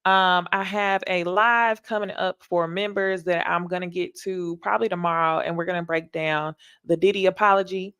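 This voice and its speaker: A woman's voice: lowish voice, steady tone, normal speed, few pauses, a bit bright, clear, resonant tone, dry recording. A woman with a Southern American accent hosting a casual, candid recap talk show, chatty and emphatic. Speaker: host.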